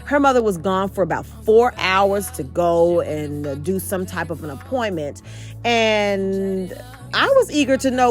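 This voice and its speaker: A woman home vlogger telling a storytime tale, animated and addressing viewers directly. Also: medium pitch, normal speed, faint music behind. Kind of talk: storytime vlog.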